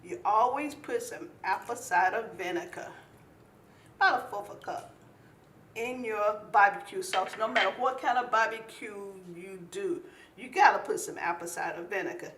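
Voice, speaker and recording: Lady showing how to cook, lively folksy talk, roomy sound, a bit far from mic. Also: mid-range voice, normal speed. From eastern North Carolina. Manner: folksy, animated, instructive. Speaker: home cook. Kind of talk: cooking demonstration.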